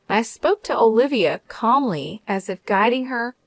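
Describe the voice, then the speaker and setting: A woman reading a first-person drama story aloud in a measured, even narration. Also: a little high.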